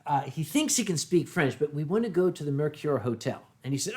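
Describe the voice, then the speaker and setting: Middle-aged male host, slightly high voice, wry anecdotal storyteller. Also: very animated. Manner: anecdotal, wry, drawn-out punchlines. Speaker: streamer host. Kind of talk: casual storytelling chat.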